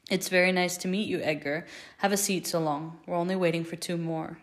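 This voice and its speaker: A woman voicing a gentle, warmly teasing adult man who mentors a group of students. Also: on the low side, fairly even intonation, fairly quick, natural voice. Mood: welcoming. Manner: mock-solemn, welcoming.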